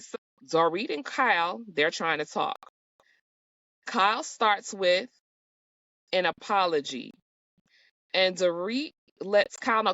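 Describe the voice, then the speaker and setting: A woman's voice: medium pitch, a bit bright, dry recording. Sassy, blunt woman recapping reality TV. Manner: sassy, blunt and profane, with slangy asides. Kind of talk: casual recap commentary. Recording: slightly dull, dry recording.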